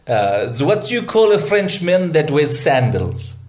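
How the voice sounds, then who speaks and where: A man's voice: a little high, sing-song, unhurried, darkish tone, faint music behind. A man co-hosting a podcast in a jokey, laughing banter. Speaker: podcast co-host. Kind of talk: casual banter.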